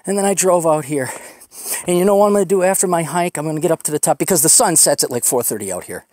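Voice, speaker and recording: A man's voice: fairly high pitch, animated, brisk, darkish tone, no echo, studio quality. A man hosting a podcast, rambling casually while hiking outdoors on a desert trail, ranting with profane sarcasm. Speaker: podcast host.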